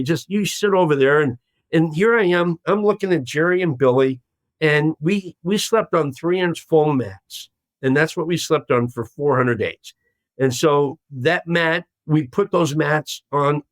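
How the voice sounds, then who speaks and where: A man in his sixties, a podcast guest telling a long story in a lively way and acting out the voices of the people in it. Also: fairly high pitch, no room sound. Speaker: guest, former hostage.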